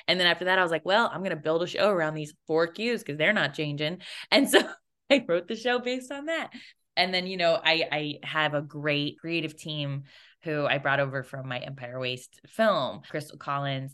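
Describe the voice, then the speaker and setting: Young woman guest with a low voice, animated storyteller who acts out the voices in her quotes. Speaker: interview guest, playwright and performer. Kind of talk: casual anecdotal storytelling.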